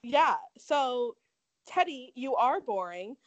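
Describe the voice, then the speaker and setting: A woman's voice: sits high, expressive, takes it slowly, muffled recording. A woman in her twenties co-hosting a podcast, chatting casually in a gossipy, profane way and laughing often. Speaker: podcast co-host. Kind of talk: casual chat.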